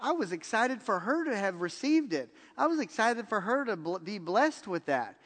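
Give me a man preaching in a church, animated storytelling, high-pitched voice with a long hall echo. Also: moderate pace. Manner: animated storytelling, acts out quotes with laughs. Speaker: pastor. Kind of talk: sermon.

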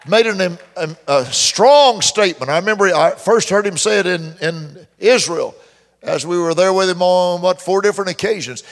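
Male pastor, animated sermon delivery, lively pitch swings, long church-hall reverb. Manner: preaching with dramatic emphasis, repeats verses slowly and loudly; mimics complainers in a high whiny voice. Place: church sanctuary.

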